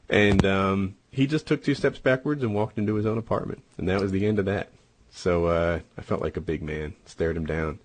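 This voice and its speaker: A man's voice: sits low, brisk, a little hiss or hum. A man co-hosting a podcast, telling a long casual story with a rambling manner and many "and, uh" fillers. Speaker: podcast co-host.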